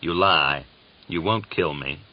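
A man's voice: low voice, takes it slowly. Cold menacing soldier sneering at people, guy putting it on, muffled lo-fi sound. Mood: contemptuous. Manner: curt and sneering.

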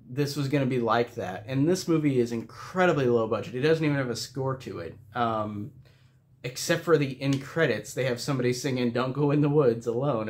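A man chatting casually in a film review vlog, rambling with lots of fillers and restarts, amused and chatty. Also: mid-range voice.

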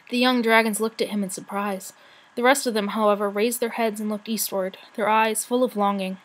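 A woman's voice: mid-range voice, fairly even intonation, brisk, a bit bright, rough recording. Woman reading a novel aloud. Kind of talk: storybook narration.

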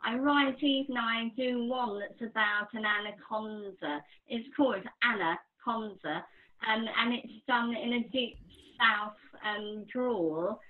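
A chatty woman poet speaking as an interview guest, with plenty of ums along the way. Her voice sits a little high, and the recording sounds thin and phone-like. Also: takes it slowly. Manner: chatty, with many fillers. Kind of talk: casual interview talk. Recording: tinny phone-like line.

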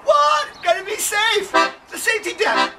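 An American man clowning through a joking video greeting, swinging between shouts and mumbles. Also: very high-pitched, animated, fairly quick, distant mic, music in the background. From United States. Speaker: comedy musician. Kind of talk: jokey video greeting with song parody.

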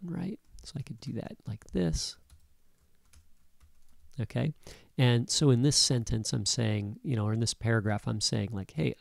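Male tutor, gravelly mid-pitched voice, relaxed explainer, dry close-mic sound. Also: dry recording. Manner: casual, keeps checking in with "right?" and "okay?". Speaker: instructor. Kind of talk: screen-recorded coding tutorial.

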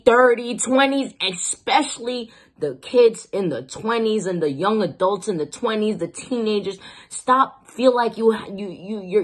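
A woman's voice: mid-range voice, slightly rough. A woman giving an emphatic, slangy motivational talk, cursing freely as she urges listeners on. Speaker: motivational speaker.

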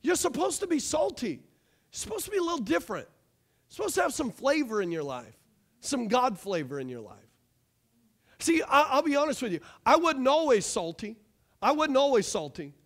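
A man pastor preaching a lively sermon with rhetorical questions, asides and jokes to his congregation. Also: extremely high pitch.

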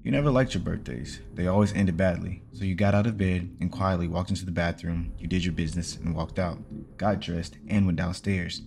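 Deep-voiced man reading a story aloud. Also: steady tone, brisk, gravelly, noisy background. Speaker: story reader. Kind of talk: reading fan fiction aloud.

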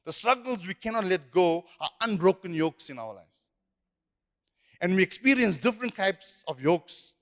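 A man's voice: sits high, lively intonation, moderate pace. A man preaching a sermon as pastor, emphatic and repetitive. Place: church hall. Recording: echoey church hall.

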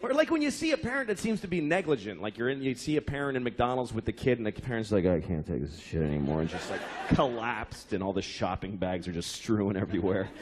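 A man's voice: medium pitch, animated, fast talker, few pauses, a little hiss or hum. A man in his forties doing a stand-up comedy routine, ranting in an exasperated, profane way. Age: 40s.

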